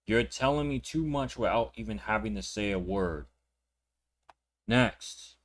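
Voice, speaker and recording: A young man hosting a reaction video, ranting with indignation and plenty of swearing. His voice sits on the low side, and he often repeats words and restarts his sentences as he talks. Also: expressive, unhurried. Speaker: reaction channel host. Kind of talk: reaction commentary.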